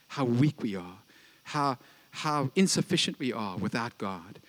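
A man preaching a sermon as pastor in a church, animated and acting out little voices of God and believers, often tagging lines with "eh?". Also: a little high. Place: church hall.

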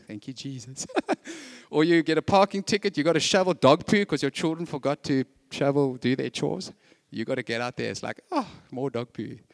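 A man preaching a sermon in a chatty, conversational way, full of casual asides. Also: a little high.

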